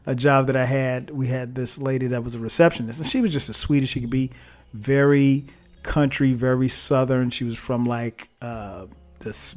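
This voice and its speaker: A man's voice: mid-range voice, a little mellow. Laid-back man hosting a solo podcast. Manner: laid-back and chatty with frequent laughs and fillers. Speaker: podcast host. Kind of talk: casual solo podcast monologue.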